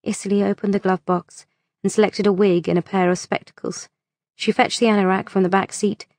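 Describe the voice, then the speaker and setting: A woman narrating an audiobook in a measured, unhurried reading voice on a close mic. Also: medium pitch, level tone, a little mellow, no echo.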